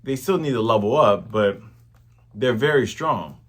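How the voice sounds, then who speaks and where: A man recapping a comic chapter in a casual, chatty way, acting out the characters as he goes. His pitch swings widely, keeping the retelling lively. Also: a little slow. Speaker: manga reviewer.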